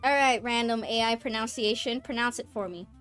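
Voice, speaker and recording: A woman's voice: fairly high pitch, fairly quick, a bit bright, clear, resonant tone. A woman livestreamer chatting casually, giggly, swearing now and then and stumbling over her words. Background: faint game music.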